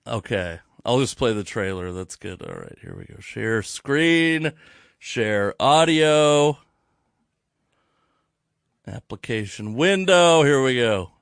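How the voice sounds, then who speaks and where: Man, podcast host, swearing storyteller, dry close sound, mid-pitched voice. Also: takes it slowly, vocal fry, smooth, no echo. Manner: profane, animated storytelling. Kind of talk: casual chat.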